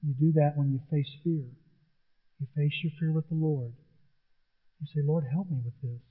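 A man's voice: fairly high pitch, fairly even intonation, normal speed, slightly rough. Middle-aged male pastor, emphatic and repetitive sermon delivery, thin lo-fi phone-line sound. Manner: earnest, repetitive, emphatic preaching.

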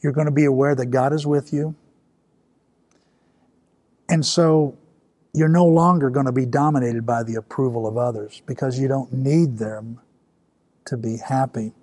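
A man's voice: mid-range voice, warm tone, no room sound. A man preaching a sermon in a conversational way, building to emphatic peaks. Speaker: pastor.

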